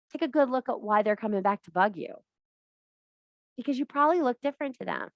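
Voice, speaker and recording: A woman's voice: fairly high pitch, brisk, dry recording. Blunt, swearing woman giving a spiritual talk. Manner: blunt and profane, emphatic repetition. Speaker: witchcraft teacher and live streamer. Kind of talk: casual spiritual pep talk.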